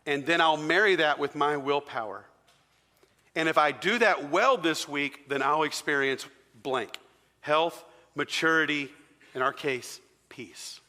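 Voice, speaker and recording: A male preacher gives a casual, conversational sermon. His voice sits a little high and rings bright. The sound carries the long reverb of a large church hall. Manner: conversational, engages the congregation with questions.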